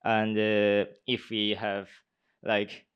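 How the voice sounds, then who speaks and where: A young man, a speech contestant answering judges' questions in English off the cuff, pausing often with uh and um and restarting his sentences. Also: on the low side, completely flat delivery, clear, resonant tone, lo-fi sound. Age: young adult. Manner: hesitant, many uh and um fillers, restarts. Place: conference hall.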